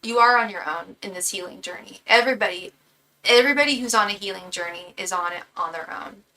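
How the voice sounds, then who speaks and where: A woman's voice: mid-range voice, fast, pushed and bright, rough recording. A woman tarot reader giving a live reading to her chat in a casual, chatty way, often stumbling and repeating words as she talks.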